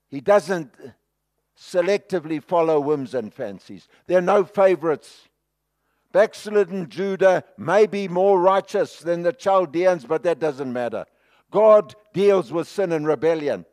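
This high-pitched man preaches with dramatic intensity in a South African accent, alternating between loud bursts and hushed stretches throughout his sermon.

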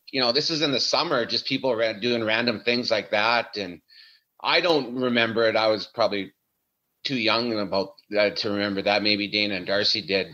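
A man's voice: fairly low pitch, sharp tone. A man guest recalling his childhood in an easygoing, rambling way. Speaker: interview guest. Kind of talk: casual interview recollection. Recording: dull lo-fi audio.

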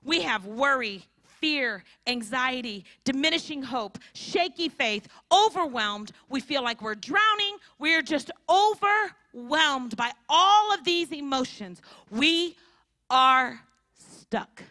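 High, lively woman preaching. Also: slow pace, no room sound. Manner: animated storytelling with acted-out voices. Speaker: conference speaker. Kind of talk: sermon.

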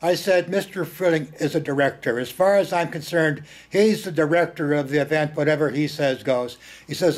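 Animated storytelling man, slightly high voice. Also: fairly quick, hardly any pauses. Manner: animated, repeats words for emphasis, blunt earthy asides. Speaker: film screening host. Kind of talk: informal storytelling talk.

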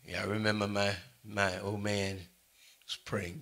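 A man preaching a sermon, swinging between loud calls and quiet asides to his congregation. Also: on the low side, level tone, a little slow. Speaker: pastor.

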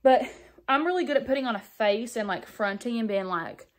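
A woman's voice: medium pitch, expressive, brisk. Chatty young woman doing her makeup. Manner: chatty, filler-heavy, candid and confiding. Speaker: beauty vlogger. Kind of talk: casual get-ready-with-me chat. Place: indoors at home, doing makeup on camera.

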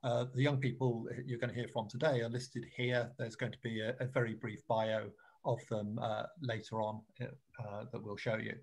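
A man's voice: medium pitch, level tone, normal speed. A man with a British accent giving an earnest, explanatory webinar presentation over a video call, often repeating words as he explains.

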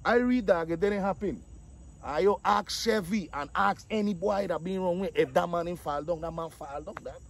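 High-voiced man telling a street story. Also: moderate pace, creaky. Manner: animated, acts out quotes, repeats 'dog'. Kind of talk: casual storytelling.

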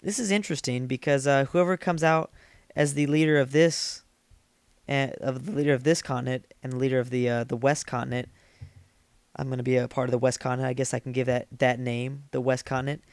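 A man's voice: mid-range voice, steady tone, brisk, no room sound. A man casually commenting while playing a strategy game, rambling and poking fun at himself as he thinks aloud. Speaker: let's play gamer.

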